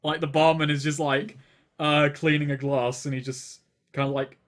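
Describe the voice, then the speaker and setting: A man's voice: on the high side, level tone, moderate pace, fairly bright tone. A man narrating a tabletop game as game master in a loose, rambling way.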